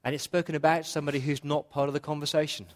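A man's voice: a little high, flat delivery, very fast. A male pastor giving a sermon in church, earnest and repeating key points for emphasis.

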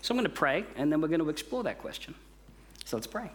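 Guy preaching a sermon, kinda high voice, thoughtful, asks lots of questions. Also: big pitch swings, quick pace, fairly bright tone, slight background noise. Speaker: pastor.

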